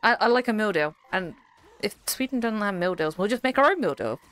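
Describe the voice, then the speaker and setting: A woman's voice: medium pitch, expressive, fairly quick, fairly bright tone. Chatty giggly woman streamer. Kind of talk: casual chat with live chat.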